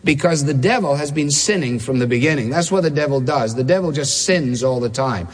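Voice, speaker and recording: Husky preacher in a reverberant hall. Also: male voice, medium pitch. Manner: emphatic, repeats key phrases, slows to stress words. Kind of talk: sermon.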